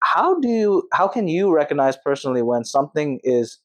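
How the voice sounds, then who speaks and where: Upbeat young man, a bit high, dry sound. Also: a little fast, no echo, poor audio. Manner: animated, laughing, says bro a lot. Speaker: podcast host. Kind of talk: casual chat.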